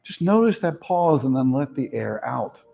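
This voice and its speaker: A man teaching a yoga class, giving slow, soothing relaxation and breathing cues that often trail off softly. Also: medium pitch, big pitch swings, creaky, highs cut off. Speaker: yoga instructor. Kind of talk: guided relaxation instruction.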